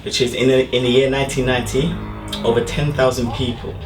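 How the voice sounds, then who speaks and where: A man's voice: medium pitch, level tone, fast, recorded from a distance, music in the background. Encouraging male host in an echoey room. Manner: encouraging, prompting the guest. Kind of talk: casual interview.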